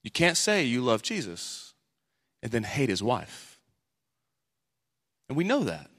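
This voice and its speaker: Animated pastor preaching in a big hall. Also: male voice, medium pitch, slow. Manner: animated, acts out quoted voices. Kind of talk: sermon. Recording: long hall reverb.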